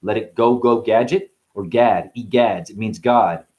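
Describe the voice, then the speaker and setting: A man's voice: lowish voice, unhurried, dull audio. A man rapping a rambling, boastful freestyle full of puns and profanity. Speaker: freestyle rapper. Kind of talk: freestyle rap.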